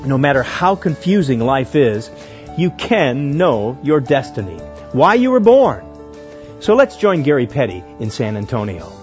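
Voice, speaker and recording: A man hosting a religious broadcast, reading a scripted introduction in a smooth announcer style. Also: medium pitch, big pitch swings, a little slow, a little mellow. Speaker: program host. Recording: dull sound with music behind.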